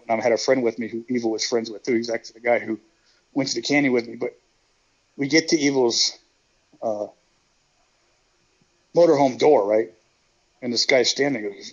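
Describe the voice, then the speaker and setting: A man's voice: medium pitch, breathy edge, dull audio. A man rambling through profane stories in a casual interview, laughing as he goes. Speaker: guest, retired pro wrestler.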